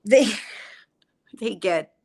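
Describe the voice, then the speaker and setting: A woman casually recapping TV episodes on a podcast, telling it in an animated way. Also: mid-range voice, extremely slow, vocal fry. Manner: animated storyteller, acts out quotes. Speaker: podcast co-host.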